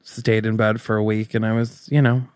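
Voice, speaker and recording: Smooth-voiced man podcast co-host. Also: lowish voice, little pitch movement, moderate pace, no room sound, studio quality. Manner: rambling, filler-heavy storytelling. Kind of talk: casual chat.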